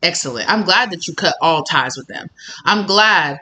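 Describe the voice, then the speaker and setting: A tarot reader voicing ancestral spirit guides who calmly approve of cutting someone off, in a low, hushed, deadpan way. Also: moderate pace. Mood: approving.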